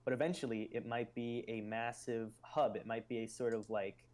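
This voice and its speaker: A man hosting a live stream in casual explanatory chat. He muses aloud and speculates, with loose fillers between his points. His voice sits at a middling pitch for a man. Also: steady tone, moderate pace, darkish tone.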